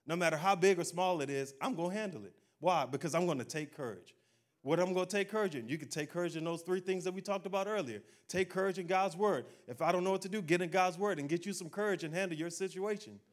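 Brief: male pastor, lively exhorting sermon, slightly high voice. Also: fast talker. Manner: exhorting, call-and-response preaching; conversational, folksy, acts out quotes.

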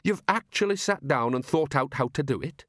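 A man's voice: on the high side, animated, moderate pace, a bit bright, no echo, voice pushed up. Pompous older lord, flustered and exclamatory, read by a male narrator; dry close mic.

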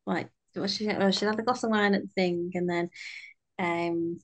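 A woman's voice: on the low side, fairly even intonation, normal speed. A young British woman co-hosting a podcast, chatting casually and rambling with lots of fillers. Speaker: podcast co-host. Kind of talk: casual chat.

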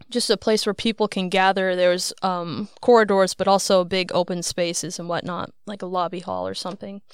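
A woman guest telling her dream in a loose, rambling way, laughing a little at herself now and then. Her voice is very smooth and resonant, and it sits close and dry on the mic. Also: lowish voice, dry recording. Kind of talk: casual storytelling.

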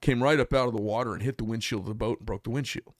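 A man from Arizona spins a long tale on a podcast, circling back with plenty of "uh"s and restarts. His pitch sits in the middle range and the recording is dry and close, with no room sound. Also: rapid-fire, dry recording. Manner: rambling, filler-heavy storyteller. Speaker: podcast host. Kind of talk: casual storytelling chat. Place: studio.

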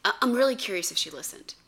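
A woman co-hosting a podcast in casual chat, an animated storyteller who laughs and swears freely. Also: medium pitch, a little fast, creaky, husky. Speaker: podcast co-host.

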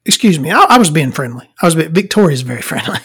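A woman telling a profane, rambling story in an exasperated rant. She swears heavily and swings between loud outbursts and low mutters. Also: sing-song, quick pace, breathy edge.

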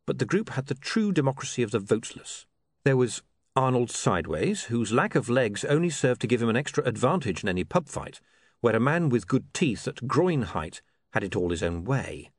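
A man narrating an audiobook in a wry, lively storytelling manner. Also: mid-range voice, normal speed, slightly rough, no echo, studio quality.

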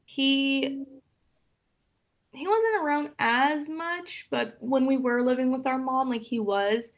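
A young woman speaking as a podcast guest, talking openly and emotionally in a casual, soft way with many fillers. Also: sits high, takes it slowly. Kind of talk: casual interview chat.

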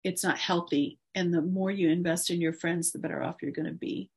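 A woman in her forties, a guest in an interview, speaking earnestly and encouragingly about her faith with soft laughs. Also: fairly low pitch, steady tone, brisk, husky.

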